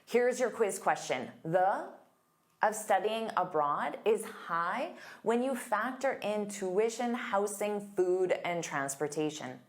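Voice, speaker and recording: A woman teaching an English lesson, speaking slowly with careful, deliberate enunciation. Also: medium pitch, lively intonation. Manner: slow, deliberate, clear enunciation.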